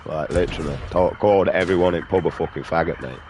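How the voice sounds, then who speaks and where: A man's voice: deep voice, quick pace, darkish tone, a little hiss or hum. A man rambling and swearing casually while playing a video game. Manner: rambling, profane, drawling. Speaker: gaming streamer.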